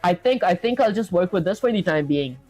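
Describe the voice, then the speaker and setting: A man's voice: high voice, animated, a little fast, a little mellow. Young man thinking aloud while coding. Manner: thinks aloud, reads chat to viewers. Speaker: livestreaming programmer. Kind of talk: casual live coding chat.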